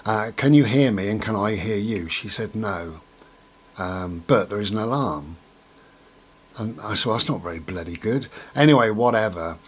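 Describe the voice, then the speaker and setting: A man's voice: fairly low pitch, slightly rough. A man telling a personal story in a casual, rambling way, with many ums and asides. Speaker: vlogger.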